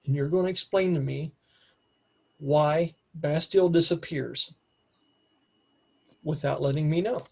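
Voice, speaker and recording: A woman's voice: low-pitched, measured pace, creaky, long pauses, warm tone, breathy edge, lo-fi sound, exaggerated voice. A man doing an angry young barmaid, sassy, threatening, clipped orders.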